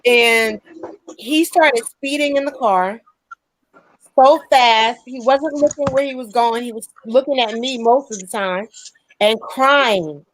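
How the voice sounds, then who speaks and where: Lively New woman telling a story. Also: on the high side, slow, slight background noise, poor audio. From New Jersey. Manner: lively, acts out quoted voices. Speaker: show host. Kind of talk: casual storytelling chat.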